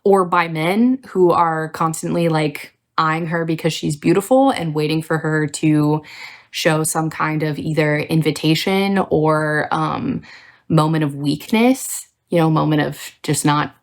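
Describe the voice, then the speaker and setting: Gravelly, low-voiced woman ranting casually. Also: measured pace. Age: young adult. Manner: ranting, profane, animated. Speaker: book review host. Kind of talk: casual video essay.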